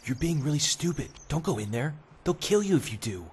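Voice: mid-range voice, sing-song, brisk, a little mellow, slightly rough. An actor voicing a tough, blunt teenage street kid who swears, in a dubbed drama. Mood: urgent.

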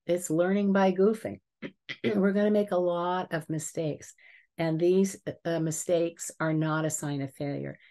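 An older woman, a family psychologist, giving a webinar lecture and telling lively case stories. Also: lowish voice, unhurried. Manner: lively storytelling, chuckles at examples.

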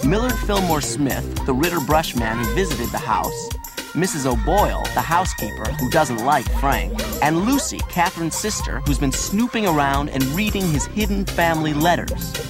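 Woman narrator with a low voice for a children's drama recap, storytelling delivery addressed to the viewer, over a music bed. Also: lively intonation, normal speed.

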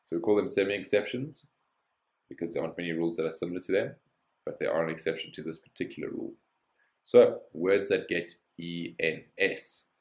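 Deep-voiced man teaching in an echoey room. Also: a little fast, a little mellow. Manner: explains step by step with encouraging asides. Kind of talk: language lesson.

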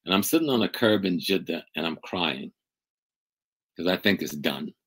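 A man's voice: deep voice, expressive, normal speed, a bit bright, slightly rough, poor audio. An older man from the United States telling a story with emphatic, dramatic delivery as an interview guest over a video call. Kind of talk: storytelling in a conversation.

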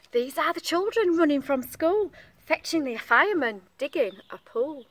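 A woman's voice: high-pitched, sing-song, normal speed, a bit bright. A woman reading a picture book aloud to young children in a sing-song voice, stopping to ask them questions.

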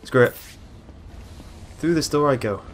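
A man hosting a let's play, giving excitable, chatty gameplay commentary and laughing often. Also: mid-range voice, unhurried, faint music behind.

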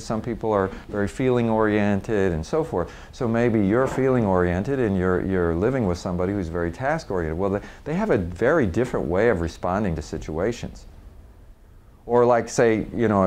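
A man who trains people in communication, giving an informal talk on handling difficult people. He is animated, restarts and repeats words often, and acts out short quoted exchanges as he goes. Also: lowish voice.

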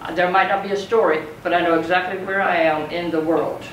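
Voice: mid-range voice, fairly even intonation, fairly quick, a bit bright. A poetry teacher giving a conversational classroom lecture, often checking in with the students. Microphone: far from speaker. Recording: roomy classroom, mic far off, faint noise.

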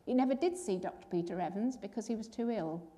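A woman's voice: mid-range voice, animated, fast talker, warm tone. An older woman giving an earnest personal testimony at a church, telling her story and acting out the voices of the people in it.

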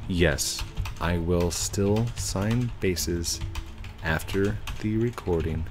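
A man's voice: low-pitched, background noise. A man doing casual gameplay commentary, apologetic yet firm as he lectures players about rule breaking. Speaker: gaming YouTuber.

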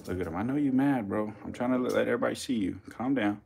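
Excited man hyping up a feeding. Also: medium pitch, quick pace, vocal fry, few pauses, slight background noise. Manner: excited, swearing, chatty with viewers. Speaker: reptile keeper streaming feedings. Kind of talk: casual live-stream commentary.

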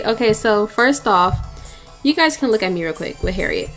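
A woman's voice: medium pitch, sing-song, brisk, vocal fry, soft background music. A young woman giving chatty, giggly commentary while playing a game, talking to viewers as y'all. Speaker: let's play gamer.

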